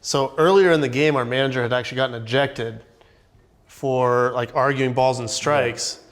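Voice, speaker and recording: A man chatting casually as a host, relaxed and filling in side details of the story. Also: mid-range voice, normal speed. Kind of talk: casual chat.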